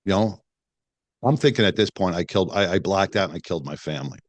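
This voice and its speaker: A man's voice: low-pitched, expressive, quick pace, dry recording. A middle-aged man, a podcast guest and retired police detective, telling a story bluntly and profanely, with many restarts and acted-out quotes. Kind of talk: candid storytelling in a podcast interview.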